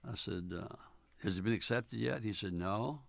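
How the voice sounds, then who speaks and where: An older man, a former college basketball coach, telling stories in an oral history interview in a folksy, unhurried way with many fillers, acting out the dialogue. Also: fairly low pitch, vocal fry, no echo.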